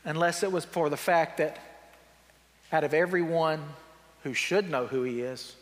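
A male pastor with a notably high voice preaches a sermon, paraphrasing scripture in plain, wry, everyday language at a steady, unhurried pace. He stresses key points emphatically, then drops into quiet reflection. A long reverb suggests a large church hall.

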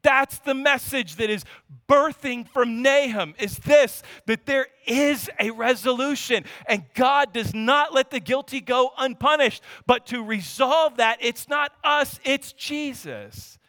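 A man's voice: very high-pitched, takes it slowly, sharp tone, dry recording, long reverb tail. A man in his thirties preaching a sermon in an earnest, emphatic, conversational way.

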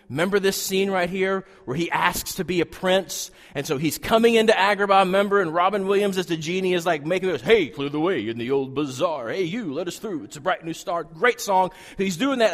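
A man preaching a sermon to a congregation, swinging from loud emphasis down to hushed, near-whispered lines. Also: fairly high pitch. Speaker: pastor. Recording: long hall reverb.

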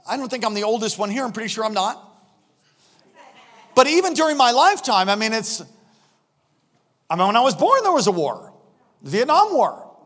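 High-voiced pastor preaching in a reverberant sanctuary. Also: male voice. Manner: animated, acts out scenes with sudden shouts. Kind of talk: sermon. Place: church sanctuary. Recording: long reverb of a large hall.

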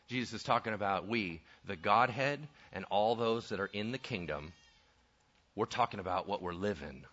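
A man preaching a lively sermon, conversational and full of rhetorical questions. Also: lowish voice. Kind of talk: animated sermon with acted-out voices. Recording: dull lo-fi sound.

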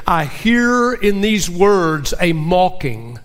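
A man's voice: high voice, unhurried. A male pastor preaching a sermon with emphasis and asking the congregation rhetorical questions.

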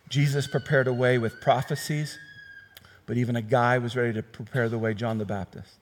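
A man preaching a sermon in a conversational way, reading scripture aloud and swinging from loud bursts to hushed, low passages. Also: steady tone, a little fast, big-room sound. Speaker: pastor.

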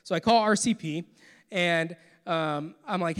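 A man in his thirties preaches with a high, bright voice and tells his story in a lively, animated way. His words ring out with a long reverb, like in a church hall. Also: moderate pace. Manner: storytelling, animated with acted quotes. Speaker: pastor. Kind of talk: sermon testimony.

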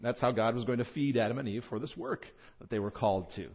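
Man, pastor, sermon, mid-pitched voice, earnest teaching, fillers and restarts, muffled church recording. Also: quick pace, husky. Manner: voices scripture quotes with sudden rises in pitch and loudness.

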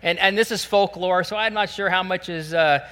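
Male pastor, chatty sermon delivery full of "uh"s, higher pitch, reverberant church hall. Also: fairly even intonation, moderate pace, pushed and bright, clear, resonant tone. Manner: conversational storytelling with frequent fillers.

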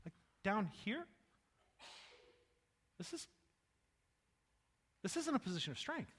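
Impassioned high-voiced preacher in echoing hall. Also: male voice, big pitch swings, slow, husky. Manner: impassioned, swings between hushed and loud, repeats words. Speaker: pastor. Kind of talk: sermon. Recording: long reverb of a large hall.

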